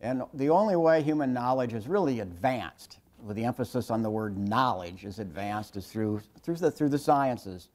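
A man in his sixties giving a public lecture told through stories, wry and self-deprecating, often halting and restarting his sentences. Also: medium pitch, darkish tone. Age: 60s. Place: lecture hall with an audience.

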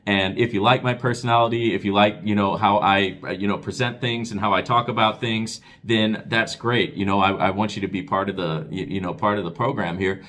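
Man, low voice, casual Q&A vlog host. Excitable and expressive, chatty with viewers. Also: a little fast, few pauses. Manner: excitable, voice rises when excited; expressive, talks with his hands. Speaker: crypto channel host.

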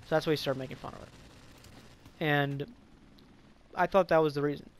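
A man's voice: fairly high pitch, steady tone, moderate pace. A man casually telling a story from his school days, rambling with lots of fillers, swearing, and frequent stumbles and restarts. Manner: rambling, filler-heavy, profane. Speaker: vlogger.

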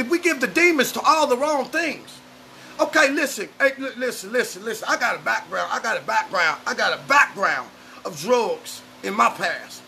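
A man preaches to camera with a very high, sharp, gravelly voice that often rises to a shout. He talks loud and emotional. A faint hiss sits under the recording. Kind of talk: fiery street sermon to camera. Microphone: camera mic, speaking to camera.

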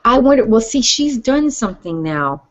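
A woman's voice: fairly high pitch, big pitch swings, moderate pace. A woman co-hosting a casual podcast chat, often chiming in with agreement and retelling scenes conversationally. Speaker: podcast co-host. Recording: dull lo-fi podcast audio.

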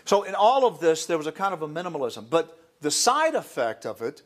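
Middle-aged male priest, Florida-raised, lecturing; slightly high, digressive and folksy. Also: very animated, brisk. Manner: folksy and digressive, with asides and fillers. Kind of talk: academic lecture.

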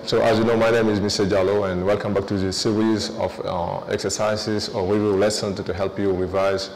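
A man's voice: fairly low pitch, little pitch movement, a little fast, darkish tone, long reverb tail, low-quality recording. A man teaching an English review lesson, switching between English and with frequent fillers.

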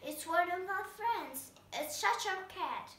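A woman's voice: very high-pitched, lively intonation, slow pace, pushed and bright, pitched above the performer's own voice, exaggerated voice. A woman reading as a curious young girl. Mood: earnest. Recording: roomy distant recording, faint hum.

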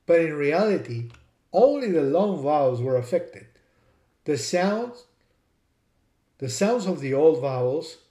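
A man's voice: on the high side, warm tone, reverberant. A man teaching a lesson, spelling out words and repeating sounds to demonstrate. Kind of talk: explanatory lesson.

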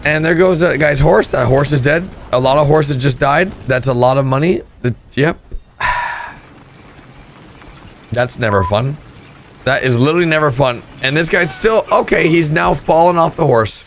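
A young man commentating on gameplay clips with excited outbursts and shouts. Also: on the high side, normal speed, slight background noise. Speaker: gaming commentator.

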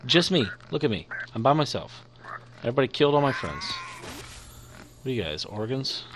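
A man's voice: mid-range voice, very animated, a little fast, background noise. A young man giving playful let's-play commentary, chatting to the creatures on screen as he plays. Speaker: gaming YouTuber.

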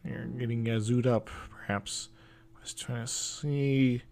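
A man's voice: mid-range voice, fairly even intonation, takes it slowly, gravelly, a little mellow. A young man giving casual let's-play commentary, rambling, mumbling and chuckling to himself as he plays. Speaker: gameplay commentator. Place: indoor room with loud trucks outside.

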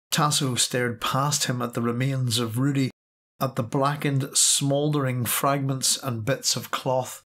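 A man reading science fiction aloud as an audiobook narrator, steady and measured. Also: medium pitch. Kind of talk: scripted narration.

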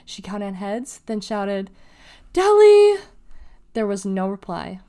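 A woman reading a children's novel aloud with measured, expressive storytelling. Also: medium pitch. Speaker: reader of children's books.

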